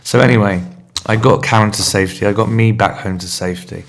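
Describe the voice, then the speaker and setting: A man's voice: lowish voice, steady tone, quick pace. A man hosting a podcast, telling a candid, rambling personal story in a confessional monologue. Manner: rambling, candid, self-searching. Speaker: podcast host.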